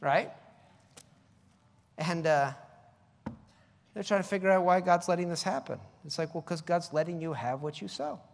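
A man preaching a sermon, reading scripture slowly and mimicking people in high voices. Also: lively intonation, gravelly, in a large hall.

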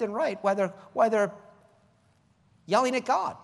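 A man preaching a sermon, reading scripture slowly and mimicking people in high voices. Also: very animated, vocal fry, long reverb tail.

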